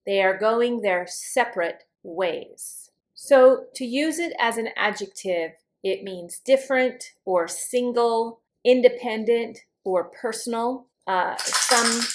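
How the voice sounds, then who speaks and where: A woman teaching an English vocabulary lesson in an even, mid-pitched voice. She slows down to sound words out carefully, repeating them for her learners. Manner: slow, careful pronunciation drills.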